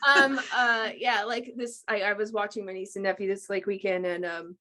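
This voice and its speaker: A woman's voice: mid-range voice, steady tone, moderate pace, pushed and bright. Chatty woman hosting a casual podcast. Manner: rambling, with many fillers and restarts. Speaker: podcast host. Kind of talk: casual chat between friends.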